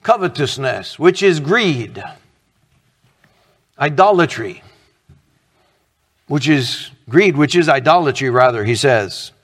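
A man's voice: medium pitch, lively intonation, slow pace, long pauses, fairly bright tone, big-room sound. A middle-aged man preaching a sermon as pastor, earnest and conversational, asking the congregation questions.

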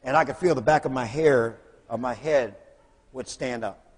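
Guy preaching, raspy, big hall echo. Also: mid-range voice, moderate pace. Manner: animated storyteller, acts out voices in quotes. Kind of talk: storytelling sermon. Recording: long hall reverb.

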